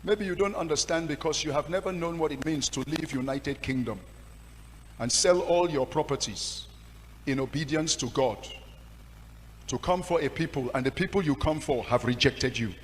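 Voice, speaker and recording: A man with a Nigerian accent preaching a testimony sermon, swinging from hushed storytelling to loud, impassioned declaiming. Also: on the high side, moderate pace, big-room sound, a little hiss or hum. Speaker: pastor.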